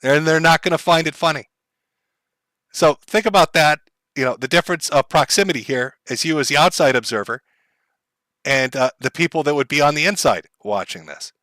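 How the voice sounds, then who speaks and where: A man's voice: a little high, fairly quick, pushed and bright, no echo. A man commenting on a clip for his stream chat in a blunt, profane, lecturing way.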